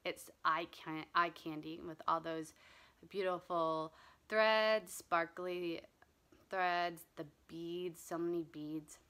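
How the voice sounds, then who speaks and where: A woman chats casually in a slow, unhurried vlog. Her voice sits a little low but sounds bright and forward. She rambles with plenty of ums and restarts. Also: fairly even intonation. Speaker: cross-stitch vlogger. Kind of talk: casual chat.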